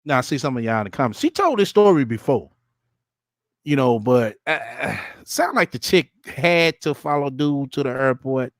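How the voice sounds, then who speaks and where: Man, middle pitch, host, profane mocking commentary, dry room. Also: lively intonation, normal speed, dry recording. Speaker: host reacting to a clip. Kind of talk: commentary on a played video.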